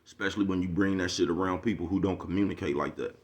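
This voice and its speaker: A man's voice: sits low, steady tone, fast. A man ranting casually to his viewers in street slang, profane and preachy, forever asking if they know what he's talking about. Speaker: vlogger. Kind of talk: casual rant to the camera.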